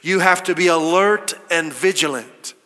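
Bright-voiced preacher in a reverberant hall. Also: male voice, fairly high pitch, normal speed. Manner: emphatic, rhetorical questions, quoting scripture. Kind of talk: sermon.

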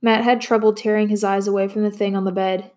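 A woman reading a novel aloud with steady, expressive storytelling. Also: mid-range voice, fast. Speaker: narrator. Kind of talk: audiobook narration.

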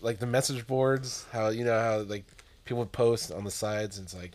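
A man's voice: lowish voice, steady tone, moderate pace, a little mellow, slight background noise. A young man co-hosting a podcast, telling school stories in casual chat and laughing often as he talks. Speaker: podcast co-host.

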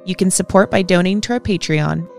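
A woman's voice: lowish voice, quick pace, gravelly, a little mellow, faint music behind. A woman co-hosting a podcast, speaking casually with wry, sarcastic asides. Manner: wry, sarcastic, laughs often. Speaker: podcast co-host. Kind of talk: casual chat.

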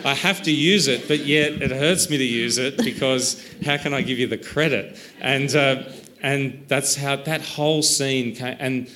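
A man's voice: mid-range voice, measured pace, bright, forceful tone. A man talking as an author in an interview, thoughtful and self-deprecating, rambling a little with restarts. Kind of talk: reflective conversational interview.

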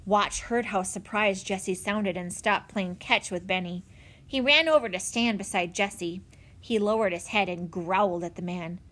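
A woman narrating a children's chapter book in an expressive storytelling manner. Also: mid-range voice, unhurried. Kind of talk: audiobook narration.

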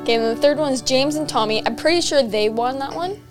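A woman's voice: sits high, fast talker, music in the background. A young woman co-hosting a podcast, chatting casually and rambling through stories with many restarts. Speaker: podcast co-host. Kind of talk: casual chat.

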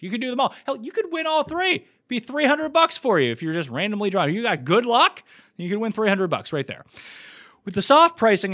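A man's voice: fairly high pitch, fairly bright tone. A man from Nova Scotia hosting a live stream, talking in a blunt, joking, rambling way. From Nova Scotia, Canada. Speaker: host. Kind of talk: casual live-stream chat.

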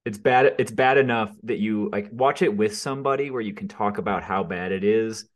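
Wry podcast co-host, lowish male voice. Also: normal speed. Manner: wry, sarcastic banter. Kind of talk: casual chat.

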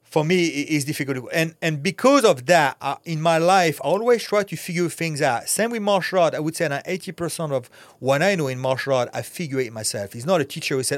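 A French-accented man in middle age, an actor and fighter from France, appears as a podcast guest, speaking candidly and bluntly and cursing freely through animated stories. His voice is a little high and a little fast, with few pauses, on a dry recording.

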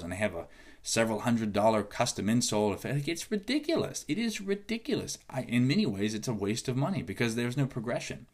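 Man, lowish voice, podcast host, movement coach, casual monologue, animated, exasperated. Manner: animated, exasperated, acts out quoted exchanges.

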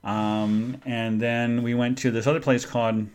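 A man hosting a podcast, telling a story in a casual chat and acting out the people in it with sudden jumps in pitch and loudness. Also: measured pace, clean tone. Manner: animated, acts out quoted people with big jumps in pitch and loudness. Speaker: podcast host.

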